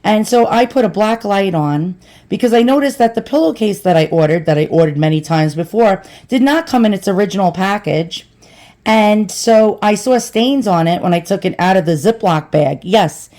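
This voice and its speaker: A woman's voice: medium pitch, expressive, normal speed, mellow. A woman in her forties, rambling and chatty as she talks through an unboxing vlog at home, calling her viewers boys and girls. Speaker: vlogger.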